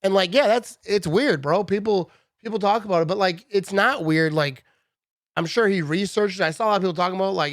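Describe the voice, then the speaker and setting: A sports vlogger in his thirties delivers a loose, chatty rant about sports, animated and constantly saying "bro" and "dude." His voice is a little high for a man and a little fast. The recording is dry and close, with no room around it.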